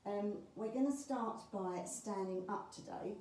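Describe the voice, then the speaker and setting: Talking beginners through a Pilates class, the instructor speaks a little slowly in a mid-range voice, calm and step-by-step with a few fillers. A distant camera mic records her with a roomy sound, faint ambience, and a little hiss or hum.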